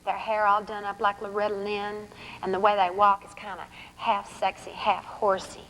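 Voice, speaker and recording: A woman reads a first-person story aloud from her own book, with a lively, sly storyteller's delivery. Her voice sits at a middle pitch. A faint hiss runs underneath the recording. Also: moderate pace. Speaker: author reading her novel at a forum.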